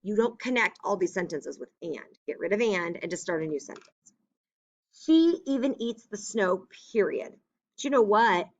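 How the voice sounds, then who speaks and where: A woman's voice: mid-range voice, animated, moderate pace. A woman teacher giving a remote lesson to young children, explaining step by step in a patient, upbeat way.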